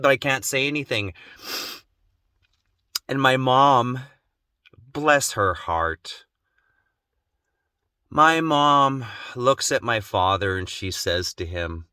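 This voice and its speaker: Intense guy telling his own story, bright sharp voice, pretty average pitch. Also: animated, clean tone, no echo, clean studio sound. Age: adult, has children. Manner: emotional, intense, slows and quiets when grave. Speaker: vlogger. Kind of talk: personal storytelling.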